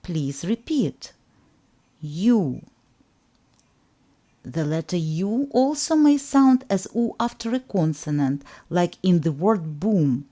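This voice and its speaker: A woman teaching alphabet pronunciation, speaking deliberately and enunciating each sound so it can be repeated. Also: lowish voice, warm tone. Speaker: language teacher. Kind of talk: slow instructional narration.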